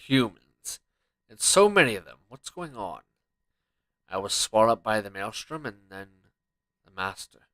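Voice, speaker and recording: A man doing a low brooding demon clown villain. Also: very animated, measured pace, pauses often, bright, forceful tone, no room sound, exaggerated voice, poor audio. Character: wounded furious demon clown villain, male. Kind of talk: voicing game dialogue.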